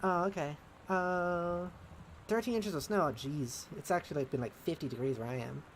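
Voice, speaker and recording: A man streaming a game who chats playfully, laughs often, and reads the in-game story aloud in a halting way. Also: a little high, a little hiss or hum. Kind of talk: casual gameplay chat and reading aloud.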